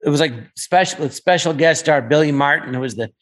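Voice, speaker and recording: A man's voice: on the high side, brisk, a bit bright. A male guest telling rambling anecdotes in casual chat.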